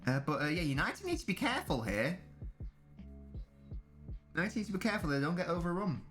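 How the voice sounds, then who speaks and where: A man's voice: fairly high pitch, very animated, fairly quick, fairly bright tone. Guy on a stream, chatting with chat over the football, music faintly underneath. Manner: casual banter with chat, swearing. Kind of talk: live match watchalong commentary.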